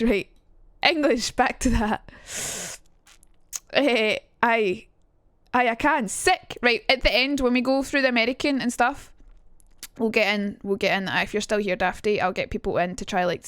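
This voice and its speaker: A woman's voice: fairly high pitch, unhurried, a bit bright, dry recording. Chatty woman streamer, dry close sound. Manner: chatty, rambling, reacting to chat. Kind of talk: casual live-stream chat.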